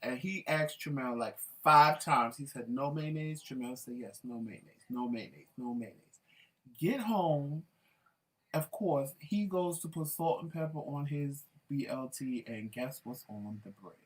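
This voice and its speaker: A woman co-hosting a casual chat show, telling stories in an animated, outspoken way. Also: deep voice, measured pace, far from the mic. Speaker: talk show co-host.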